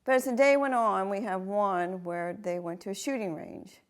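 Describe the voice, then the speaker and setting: A woman's voice: mid-range voice, steady tone, moderate pace. A woman, a Navy veteran, telling a story in an interview and acting out her own reactions.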